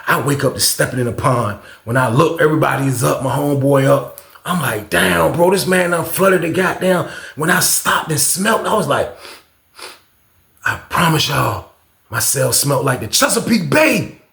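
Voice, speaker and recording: A man telling a storytime on his vlog in a casual, profane, animated way, recorded in an echoey room. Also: mid-range voice, normal speed, vocal fry. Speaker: vlogger.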